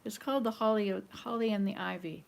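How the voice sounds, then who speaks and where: Gravelly woman humming folk tunes. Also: mid-range voice, fairly quick. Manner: rambling, sings old folk tunes with la-las. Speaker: vlogger. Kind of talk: casual chat and humming to herself.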